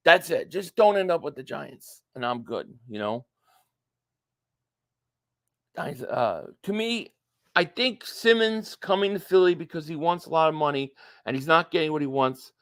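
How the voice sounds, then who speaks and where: Male stream host, high voice, dry close mic, chatty, reads out viewer comments. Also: big pitch swings, moderate pace, a bit bright, no echo. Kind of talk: casual live stream chat.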